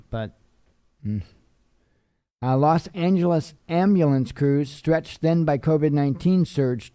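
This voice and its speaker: A man's voice: a little high, mellow, dry recording. A tired man reading news headlines aloud and adding offhand casual comments. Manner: tired, yawning, offhand asides.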